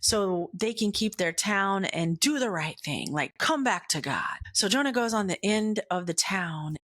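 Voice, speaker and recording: A woman podcast host telling a candid personal story, animated and blunt, with casual swearing and constant "right?" check-ins. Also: mid-range voice, measured pace.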